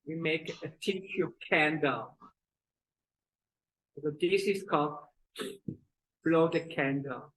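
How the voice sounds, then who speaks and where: A woman teaching children's breathing exercises and telling a story, with halting speech and fillers. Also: sits low, poor audio. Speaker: kids yoga teacher.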